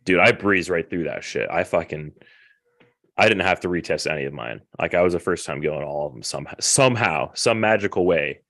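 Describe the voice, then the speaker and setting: A man's voice: deep voice, fairly quick, vocal fry, a bit bright, no room sound, clean studio sound. A man in casual podcast chat, laid-back and profane, talking matter-of-factly. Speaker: podcast co-host.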